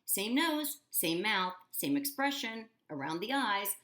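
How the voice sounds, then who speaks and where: A woman's voice: fairly low pitch, sing-song, normal speed. A woman reading aloud and voicing a theatrical, fussy grown man showman in a storybook, dramatic and wheedling. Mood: excited.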